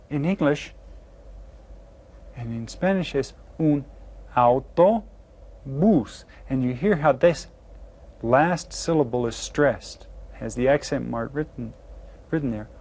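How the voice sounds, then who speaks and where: A man teaching a beginner language lesson to children, slowly and patiently sounding out each word. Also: mid-range voice, a little mellow. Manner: slow, patient, carefully sounds out words. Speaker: Spanish teacher. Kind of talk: classroom video lesson.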